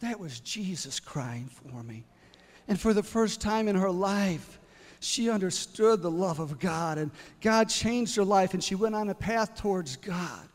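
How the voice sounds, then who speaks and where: A male preacher telling a story in a sermon, building to loud exclamations. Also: high voice, measured pace, in a large hall.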